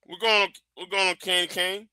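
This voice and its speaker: A man hosting a live stream, ranting in a heated, profane way that keeps rising into shouts. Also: high voice, little pitch movement, normal speed, clear, resonant tone, no echo, studio quality. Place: warm indoor room with a fan.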